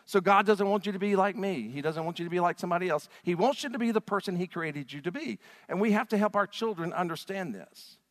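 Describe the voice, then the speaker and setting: A man with a high voice preaches with emphasis, pressing each point home to a congregation. His words ring out with a long reverb in a large church hall. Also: fast, hardly any pauses. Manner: emphatic, rising to loud declarations. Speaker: pastor. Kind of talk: sermon.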